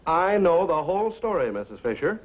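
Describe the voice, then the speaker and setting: A pompous stand-in judge. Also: male voice, a little high, big pitch swings, brisk. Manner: pompous, formal. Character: husband's friend posing as a pompous judge. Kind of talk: 1950s sitcom acting. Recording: dull old TV soundtrack, loud audience laughter and noise.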